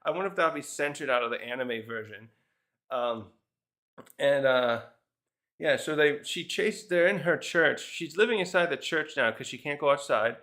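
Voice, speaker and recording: Guy with a fairly high voice rambling thru a manga chapter recap, lots of ums and chuckles. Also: moderate pace, bright, forceful tone. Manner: rambling, retells scenes with many fillers and chuckles. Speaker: manga reviewer. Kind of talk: casual chapter review.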